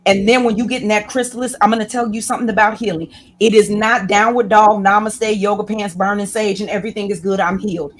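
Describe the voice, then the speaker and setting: A woman's voice: mid-range voice, steady tone, fast talker, hardly any pauses. Impassioned woman with a preacherly flow. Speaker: guest, women's class leader. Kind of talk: candid interview talk.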